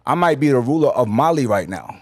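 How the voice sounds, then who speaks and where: A man from New York, a guest on a podcast, speaking bluntly and emphatically in a casual chat, sometimes swearing and stressing each statement slowly. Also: mid-range voice, expressive, no room sound, studio quality.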